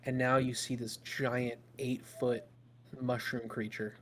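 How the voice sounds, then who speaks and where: A man's voice: medium pitch, flat delivery, slow pace, a little hiss or hum. A man narrating a tabletop game as game master, in a loose, improvised storytelling way with fillers.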